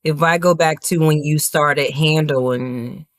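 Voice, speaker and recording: An interview host asking thoughtful, measured questions. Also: medium pitch, steady tone, fairly bright tone, no room sound, clean studio sound.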